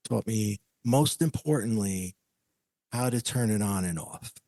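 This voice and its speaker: A man's voice: lowish voice, animated, unhurried, dark tone, dry recording. A man telling a personal story as a podcast guest, acting out the voices of the people he quotes.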